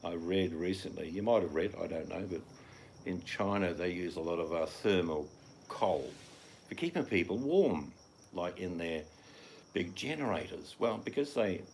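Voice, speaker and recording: An older Australian man with a low, somewhat mellow voice hosts a casual live chat from home in the evening, reading viewers' comments aloud at a normal speed with lively intonation. He's blunt and chatty, rambles, and swears offhandedly now and then. A little hiss or hum sits under the recording.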